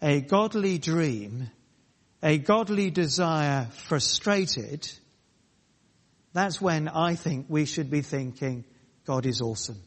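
A male preacher delivers a sermon with a somewhat high voice. He talks in short, emphatic phrases and often repeats himself for weight. His voice rings with a long reverb, as if recorded in a large church hall. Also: animated. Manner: emphatic, repetitive, pausing phrases.

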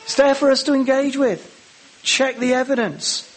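A man preaching a sermon, acting out the lines of the Bible characters with lively emphasis. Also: very high-pitched, normal speed.

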